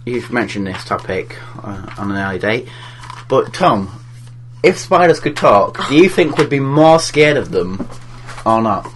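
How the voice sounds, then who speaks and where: A man's voice: mid-range voice, unhurried, slight background noise. A man co-hosting a casual podcast chat, cutting in to steer the talk. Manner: lively, interrupts to steer the topic. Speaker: podcast co-host.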